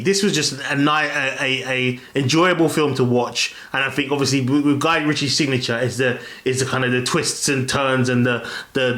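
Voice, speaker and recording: Speaking from London, this man rambles through a casual film review full of fillers, false starts and restarts. His pitch is ordinary and middling, his tone fairly bright, and his room echoes noticeably.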